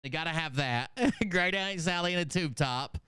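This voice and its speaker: A man's voice: fairly high pitch, moderate pace, sharp tone, clear, resonant tone, no echo, clean studio sound. A man in his thirties with a Southern US accent, hosting a livestream in casual, rambling commentary full of jokes and swearing. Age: 30s. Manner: rambling, joking, heavy swearing. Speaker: livestream host.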